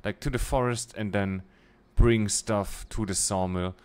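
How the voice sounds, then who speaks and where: A man's voice: lowish voice, steady tone, a little slow, darkish tone, clear, resonant tone. A young man streaming a train game, thinking aloud in a casual, muttering way as he plans his jobs, with small restarts. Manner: muttering to himself while planning, with short restarts. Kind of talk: casual let's-play commentary.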